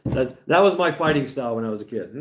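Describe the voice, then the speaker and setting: A man's voice: medium pitch, expressive, brisk. A man in his forties chatting on a livestream as its host, rambling, swearing freely, laughing often and repeating himself, tired after hours on air. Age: 40s. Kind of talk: casual livestream chat.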